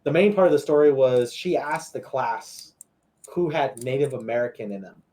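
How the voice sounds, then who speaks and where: A young man in a casual podcast chat, talking in a relaxed, halting way with sarcastic asides. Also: medium pitch.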